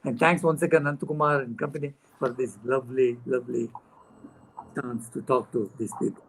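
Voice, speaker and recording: A man, a guest speaker on a video call, telling an animated anecdote and acting out the dialogue with chuckles. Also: medium pitch, brisk, slightly rough, poor audio. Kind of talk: storytelling talk.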